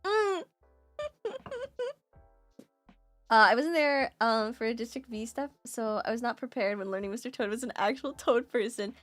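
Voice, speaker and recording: A young adult woman streamer in casual chat, animated, often laughing and swearing as she tells a story. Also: a little high, a little slow, long pauses, no echo, soft background music.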